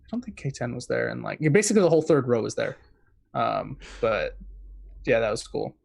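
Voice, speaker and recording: A man's voice: medium pitch, very animated, a little fast, vocal fry, a little mellow, slightly rough, no room sound, clean studio sound. A man in a casual chat as a guest correspondent, rambling with many fillers.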